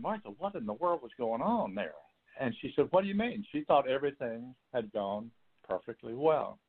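An older man, an author, recounting a long personal story in an interview, halting and restarting often. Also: mid-range voice. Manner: halting, with many restarts and fillers. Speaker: author and guest. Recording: phone line.

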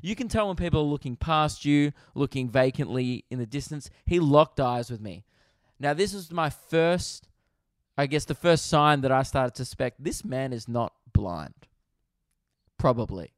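A man's voice: medium pitch, animated, normal speed, no echo, studio quality. Laid-back Australian man telling a story. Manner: laid-back, swears freely, laughs at own story. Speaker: podcast host. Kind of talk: casual storytelling.

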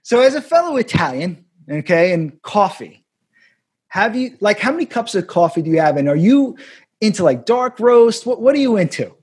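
A man's voice: high voice, big pitch swings, moderate pace, a little mellow, breathy edge. Chatty New man hosting a podcast. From United States. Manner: chatty, joking, self-described hard accent. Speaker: podcast host. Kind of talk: casual hockey podcast chat.

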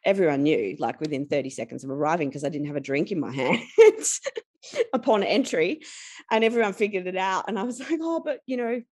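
Low-voiced Australian woman telling stories. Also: brisk. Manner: lively, laughs often, acts out quotes. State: tired. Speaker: podcast guest. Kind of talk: candid personal storytelling.

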